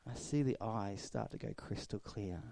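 Male pastor, middle-aged, sermon delivery, warm low-key tone, goes loud then hushed. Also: normal speed, creaky. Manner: storytelling preacher, swings from loud to hushed.

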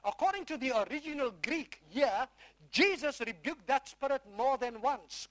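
High-pitched, bright, slow emphatic preacher. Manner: repeats phrases, quizzes the audience with questions; emphatic, stretching key words slowly. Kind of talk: sermon with Bible reading.

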